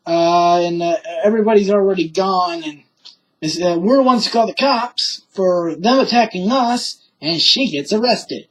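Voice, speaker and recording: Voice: medium pitch, moderate pace, a bit bright, low-quality recording. A young adult telling a personal story in a casual, rambling way, swearing often and stumbling through fillers and restarts.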